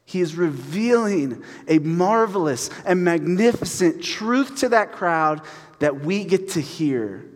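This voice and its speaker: A pastor delivers a sermon in a relaxed, conversational way, acting out the voices in his stories. His voice sits a little high for a man. It rings out with the long reverb of a church hall. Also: slow. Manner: casual and animated, acts out voices in stories.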